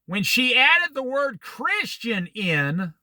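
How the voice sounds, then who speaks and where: A man in his sixties leading a Bible study, reading scripture and wandering into opinionated, animated asides and stories. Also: extremely high pitch, slow, no echo. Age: 60s. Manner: opinionated, digressive, animated storytelling. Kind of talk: Bible study teaching with commentary.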